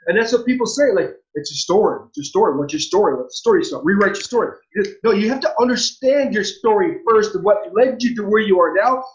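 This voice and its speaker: A high-pitched man in his forties, originally from Southern California, opens up in a heartfelt interview. He circles back over his words and restarts phrases earnestly. The audio is dull and lo-fi. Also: animated, quick pace, hardly any pauses, roomy sound. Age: 40s. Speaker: interview guest, former pro baseball player. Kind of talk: heartfelt personal storytelling.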